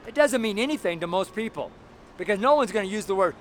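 Fervent high-voiced man preaching on a street. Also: lively intonation, quick pace. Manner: loud, blunt and fervent, talking to passers-by. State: tired. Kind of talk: outdoor street sermon. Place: city street with walls around. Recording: faint city street noise. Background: traffic and street noise.

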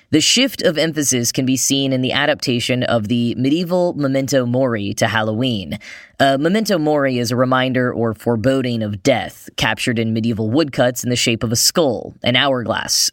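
Brief: American male podcast host, steady mid-pitched voice, measured scripted read, dry close sound. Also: dry recording. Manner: measured, reads quotes and verse aloud. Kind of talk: scripted narration.

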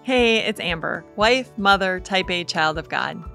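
A woman's voice: on the low side, animated, unhurried, vocal fry, sharp tone, faint music behind. Chatty woman hosting a faith podcast. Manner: upbeat, chatty, storytelling. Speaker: host of a Christian devotional podcast. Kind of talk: conversational devotional talk.

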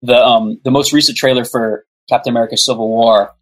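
A man's voice: medium pitch, steady tone, a little fast, poor audio. A man as a podcast guest, talking in an enthusiastic, rambling way with many fillers. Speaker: guest, musician. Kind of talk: casual podcast chat.

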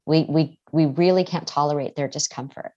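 A woman therapist guest on a podcast, giving measured, reflective advice and sometimes restarting her words. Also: low voice, fairly even intonation, warm tone, lo-fi sound. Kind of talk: advice-giving interview answers.

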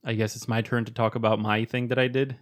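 A man co-hosting a podcast, chatting casually with quick asides and frequent laughs. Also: medium pitch, flat delivery. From not American. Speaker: podcast co-host.

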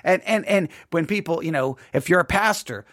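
A man, a pastor, hosting a podcast and commenting on a sermon in an animated, emphatic way, repeating words for effect. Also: a little high, moderate pace, dry recording, clean studio sound.

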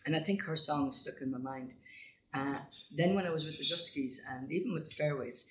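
An older Irish woman, a singer, telling stories from her life in a relaxed interview. She acts out the voices of the people she quotes and often breaks into laughter. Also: low voice, fairly quick, slight background noise. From Ireland. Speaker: guest singer. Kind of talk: conversational storytelling. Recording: roomy echo with faint ambience.

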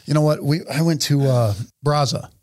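A man's voice: on the high side, steady tone, normal speed, a little mellow, no room sound. A man co-hosts a casual talk show from an office, blunt and profane. He tells stories with animation. The sound is dry and close. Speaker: podcast co-host. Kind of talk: casual opinionated chat. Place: office studio.

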